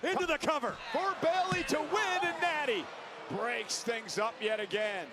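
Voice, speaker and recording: A man calling a wrestling match play by play on TV, excitedly naming each move as it happens. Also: very high-pitched, moderate pace. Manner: excited, calls moves as they happen. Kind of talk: TV wrestling commentary. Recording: TV broadcast audio with loud background noise.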